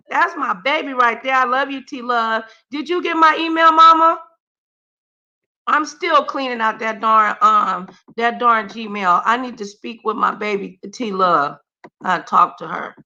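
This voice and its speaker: Brief: woman streamer, bright tense tone, slangy, talks to her viewers. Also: a little high, lively intonation, normal speed, dull audio. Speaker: livestream host. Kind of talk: casual reaction commentary.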